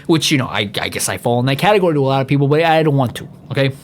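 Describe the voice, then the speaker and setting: With an expressive, medium-pitched voice that races along over a slight hiss or hum, this young man from New runs a solo podcast. His profane rant wanders, and he keeps tripping over his words and starting again.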